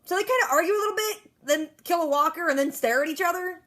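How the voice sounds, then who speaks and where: A woman recapping a TV episode in a rapid, chatty way, dropping sarcastic asides. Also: very high voice, a bit bright. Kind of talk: casual fast-paced episode recap.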